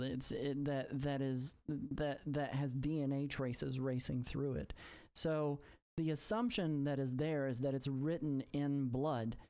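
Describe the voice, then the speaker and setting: Game master, halting narration, mid pitch, repeats words. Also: darkish tone, clear, resonant tone.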